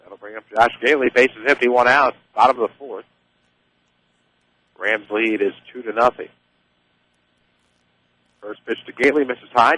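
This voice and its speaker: A man calling play-by-play for a high school baseball game on local radio, easygoing and chatty. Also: moderate pace, pauses often, poor audio. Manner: easygoing, chatty, excited on big plays. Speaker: play-by-play announcer.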